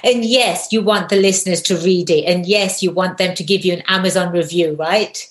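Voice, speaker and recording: A woman's voice: lowish voice, steady tone, brisk. A woman hosting a podcast interview in an upbeat way, laughing often. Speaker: podcast host and attorney. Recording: roomy echo.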